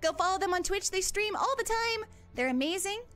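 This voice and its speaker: Bubbly Ruby Rose, high and lively. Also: female voice, a little fast. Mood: excited. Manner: bubbly, excitable, squeals often. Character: cheerful young huntress girl, bubbly and sweet. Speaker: VTuber streamer. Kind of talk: live-stream chat in character.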